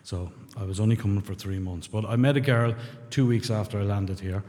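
A man's voice: on the low side, brisk, a little mellow. A middle-aged Irish man from rural Ireland, sharing his story at a recovery meeting in a blunt, candid way, with swearing and wry self-mocking humor. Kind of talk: personal testimony to a group. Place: meeting room. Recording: long hall reverb.

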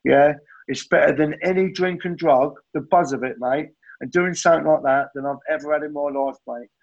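A man's voice: fairly high pitch, moderate pace, vocal fry, dull audio. A man sharing his recovery story at a meeting, earnest and heartfelt, often calling listeners "mate". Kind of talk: personal testimony at a recovery meeting.

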